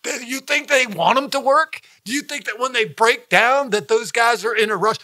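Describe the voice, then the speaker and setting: High, bright-voiced swearing comedian. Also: male voice, expressive, moderate pace, hardly any pauses, no room sound. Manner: profane, blunt and emphatic, heavy swearing; repeats himself for emphasis, laughs mid-sentence. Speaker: stand-up comedian guest. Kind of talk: casual podcast conversation.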